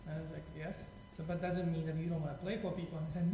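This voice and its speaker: A man's voice: fairly high pitch, animated, quick pace, a little mellow. Chatty accented man, distant and echoey. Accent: non-native English accent. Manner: chatty, digressive, asks rhetorical questions. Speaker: piano teacher hosting a masterclass. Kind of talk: spoken piano masterclass. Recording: distant mic in an echoey room with noise.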